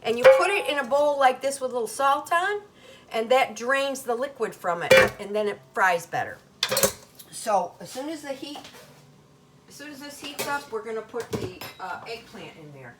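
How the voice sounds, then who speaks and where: A woman's voice: a little high, lively intonation, normal speed, very noisy. An older woman hosting a home cooking demonstration in her kitchen, talking in a chatty, folksy Italian-American grandmother way.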